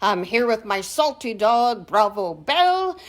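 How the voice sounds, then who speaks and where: A woman's voice: on the high side, sing-song, unhurried. Playful woman reading a children's story. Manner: playful, pirate-flavored. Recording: music playing behind.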